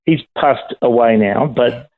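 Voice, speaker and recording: A middle-aged man calls in to a radio show on the phone, chatty and enthusiastic, joking around with the hosts in casual conversation. His mid-range voice takes it slowly over a tinny phone line; speakers are a caller and a radio presenter.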